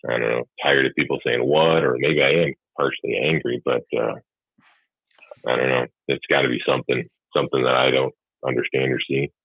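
A man with a very deep, husky voice chats in a measured, reflective manner, sometimes flat and mumbling. The sound is dry and thin, like a phone line. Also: no echo. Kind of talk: casual chat.

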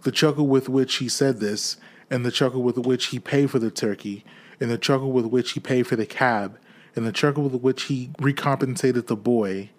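A man reading a classic novel aloud in a steady, measured storytelling way. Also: medium pitch. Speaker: audiobook reader.

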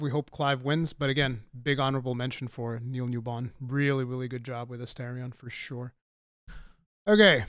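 A man's voice: mid-range voice, clean tone, dry recording. Blunt, opinionated man with a dry sound. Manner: blunt and opinionated, swears, gets animated. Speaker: gaming podcast co-host. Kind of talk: casual chat.

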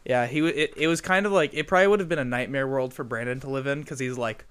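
A man's voice: medium pitch, quick pace, fairly bright tone, clean tone. A young man in casual podcast chat, swearing a lot and laughing often.

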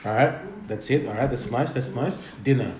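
A man's voice: medium pitch, lively intonation, normal speed. Laid-back man hosting a podcast. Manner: laid-back, chatty, gives shout-outs. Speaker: podcast host. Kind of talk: casual podcast chat. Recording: roomy room with faint noise.

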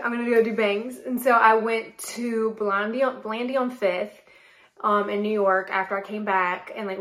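A woman in her late twenties from North Carolina, hosting a podcast and telling a story in a chatty, animated way full of "like". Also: mid-range voice, roomy sound. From North Carolina, USA. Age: late 20s. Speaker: podcast host and model. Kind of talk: casual solo chat.

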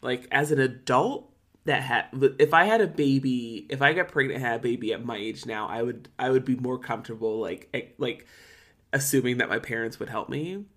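Woman with a bright, bit tense voice, chatty podcast cohost who laughs a lot. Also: very deep voice, moderate pace. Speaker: podcast co-host. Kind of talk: casual recap chat.

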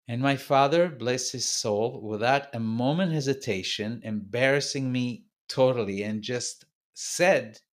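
A man in his seventies from Israel, a podcast guest telling a memory slowly, searching for words and restarting. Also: mid-range voice. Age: 70s. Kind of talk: reflective storytelling conversation.

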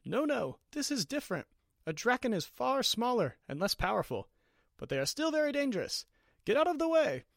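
A man voicing an excitable, fond wizard who gives urgent, rising warnings. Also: mid-range voice, a little fast, dry recording, clean studio sound, close to an everyday voice. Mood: alarmed.

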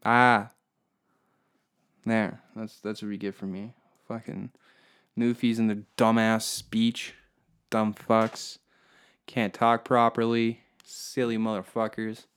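A man's voice: on the low side, flat delivery, takes it slowly, smooth. Rambling, foul-mouthed man ranting. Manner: rambling, profane, mocking. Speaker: podcast host. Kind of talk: solo comedy podcast monologue.

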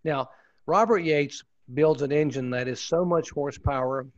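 A man's voice: on the high side, moderate pace. Enthusiastic man telling a long story. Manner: enthusiastic, rambling with restarts. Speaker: former pit reporter, guest. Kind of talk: casual storytelling interview. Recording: dull, muffled lo-fi audio.

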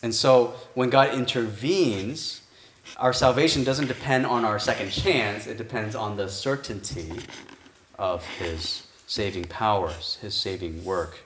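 A man's voice: on the low side, unhurried, a bit bright, slight background noise. A man preaching a conversational sermon as pastor. He thinks aloud and keeps asking his listeners rhetorical questions. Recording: echoey room.

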